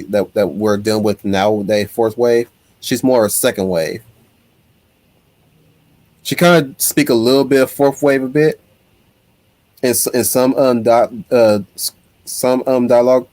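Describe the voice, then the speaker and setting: Medium in pitch and recorded without echo, this man's voice belongs to a livestream host chatting casually. He reads viewer comments and rambles with lively energy, often backing up to begin his sentences again.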